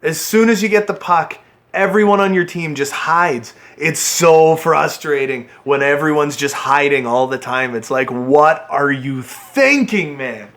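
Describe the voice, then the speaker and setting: A man giving excitable play-by-play commentary on a hockey video game he is playing, cheering and groaning at his team. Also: on the high side, measured pace. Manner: excitable play-by-play, yelling at the players. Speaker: gaming channel host.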